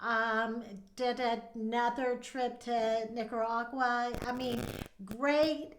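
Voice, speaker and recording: Middle-aged woman, podcast co-host, high bright voice, animated storyteller, roomy echo. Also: slow pace, background noise. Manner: animated storyteller who acts out quotes. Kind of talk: casual chat. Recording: echoey room.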